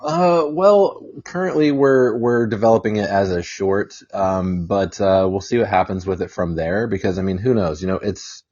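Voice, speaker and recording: Husky deep-voiced easygoing man. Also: normal speed, few pauses, darkish tone. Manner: easygoing, rambling with fillers and repeats. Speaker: guest actor. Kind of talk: casual interview chat. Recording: lo-fi dull audio.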